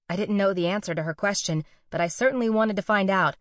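A woman's voice: lowish voice, fairly quick, hardly any pauses, dry recording, studio quality. A young woman narrating a first-person story with wry, sarcastic and profane humor.

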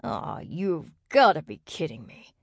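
A woman voicing an irritable, gruff male bear shifter who snarls his lines in exasperation. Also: sits high, moderate pace, dry recording, clean studio sound. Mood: snarling.

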